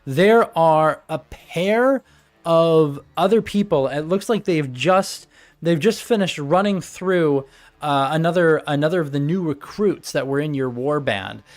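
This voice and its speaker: Slow, rambling man running a tabletop game. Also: a little high. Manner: rambling, many fillers and restarts, laughs often. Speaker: game master.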